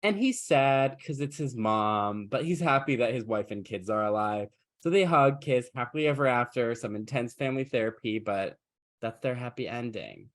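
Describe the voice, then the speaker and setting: Podcast guy telling a fairytale like gossip, joking around, average pitch. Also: animated, normal speed. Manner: irreverent, joking. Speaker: podcast host. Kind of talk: casual chat, comic retelling.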